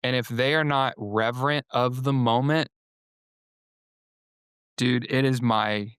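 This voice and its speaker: A man's voice: medium pitch, fairly even intonation, takes it slowly, a bit bright, smooth, no room sound, studio quality. A man, a guest singer and worship leader, talking in a loose, rambling way full of fillers and quoted asides. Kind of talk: casual podcast conversation.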